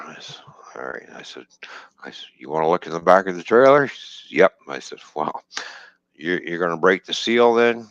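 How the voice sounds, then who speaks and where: Male trucker, low voice with a wide swing, salty casual storyteller, dry lo-fi mic. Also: dry recording. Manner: profane, laughing, animated retelling with quoted dialogue. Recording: dull lo-fi dry stream audio.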